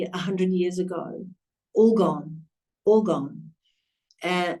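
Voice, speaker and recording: A woman's voice: on the low side, a little mellow. A woman giving an earnest, emphatic storytelling talk at a leadership session. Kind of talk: storytelling talk to an online audience. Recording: distant from the mic.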